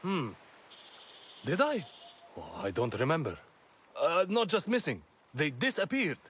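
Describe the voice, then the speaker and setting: An actor playing a drunk, hungover slave owner in a video game, rambling and excitable. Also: male voice, on the high side, unhurried, a little hiss or hum, full character voice. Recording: game audio with faint ambience.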